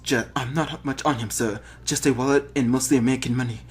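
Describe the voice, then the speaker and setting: A gruff guard sneers at a foreign tourist in a read-aloud text game, as a man puts him on with his own mid-pitched voice. The manner is mocking and dismissive, in casual homemade game acting. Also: steady tone, fast talker, natural voice.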